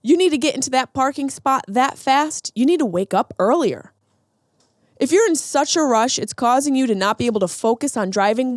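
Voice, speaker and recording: A woman's voice: high voice, no room sound, clean studio sound. A woman podcast host in a comedic monologue, ranting animatedly with rhetorical questions.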